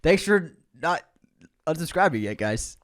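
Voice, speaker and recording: Male podcast co-host, lively intonation, quick to laugh, teasing casual banter. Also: fairly high pitch. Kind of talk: casual chat.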